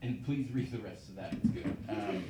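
A man's voice: fairly low pitch, normal speed. A man sharing an earnest personal testimony and short sermon, with frequent ums and restarts. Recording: echoey, distant, noisy room recording.

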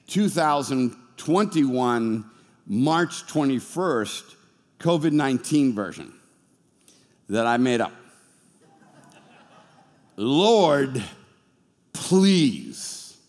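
Animated preacher man with lively pitch. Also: slow pace. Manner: animated, jokey, conversational preaching. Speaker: pastor. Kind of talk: sermon. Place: church hall being filmed for streaming. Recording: long hall reverb.

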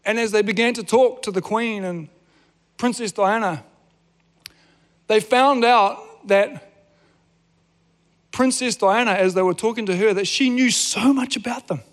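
A man preaching a sermon, telling a story with stammered restarts and drawn-out dramatic pauses. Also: high voice, long reverb tail. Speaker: pastor.

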